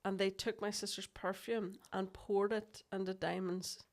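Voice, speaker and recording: A woman's voice: mid-range voice, level tone. A Northern Irish woman, a comedian co-hosting a podcast, teasing dryly in casual chat. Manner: dry, quick-witted teasing.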